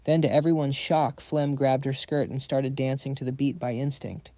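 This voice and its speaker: A man's voice: mid-range voice, steady tone, moderate pace, mellow, dry recording, clean studio sound. A man narrating a manhwa recap in a dramatic, slangy storytelling manner.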